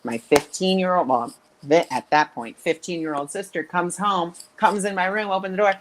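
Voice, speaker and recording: A woman's voice: on the low side, normal speed, few pauses, low-quality recording. A woman who works as a spiritual intuitive coach, telling stories in a casual interview and acting out the voices of the people she quotes. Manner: animated, acts out quoted voices.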